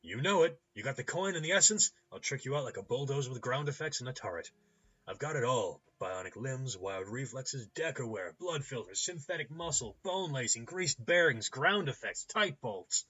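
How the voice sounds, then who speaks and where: A man voicing a hungover, cheerful male cyber-doctor with a loose Midwestern accent, shouting and joking. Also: mid-range voice, lively intonation, normal speed, breathy edge, muffled recording, voice pushed up. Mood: boisterous. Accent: loose Midwestern American. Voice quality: shouty, boisterous, jokey.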